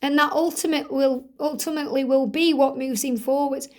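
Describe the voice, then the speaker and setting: A woman with a slightly croaky throat, giving an earnest spiritual card reading and relaying messages in the first person. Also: high-pitched, fairly even intonation, moderate pace. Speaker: tarot reader.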